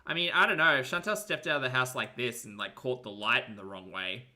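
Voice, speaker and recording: A woman's voice: rumbling low, brisk. A woman hosting a livestream, chatting casually, laughing often and thanking viewers. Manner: giggly, animated, thanks super chats. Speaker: livestream host.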